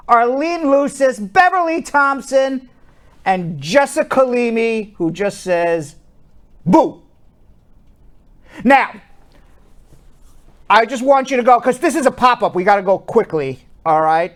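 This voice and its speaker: A man's voice: high voice, clear, resonant tone. A man in his fifties hosting a live studio stream, chatting and teasing his co-hosts in a playful way. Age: 50s. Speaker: host. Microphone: wired studio mic.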